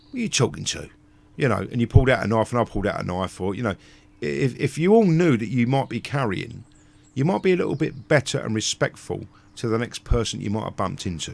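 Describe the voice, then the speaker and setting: A man's voice: medium pitch, vocal fry. Blunt sweary man ranting. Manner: blunt, sweary, rambling with restarts. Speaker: live stream host. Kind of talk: ranting casual chat.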